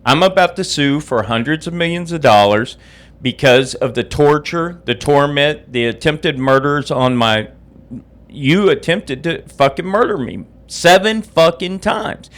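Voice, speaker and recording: Man, podcast rant, swearing, animated pitch, fairly high voice. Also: unhurried. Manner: profane, agitated, repetitive. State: just woke up, drinking coffee. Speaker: podcast host. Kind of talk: angry personal podcast rant.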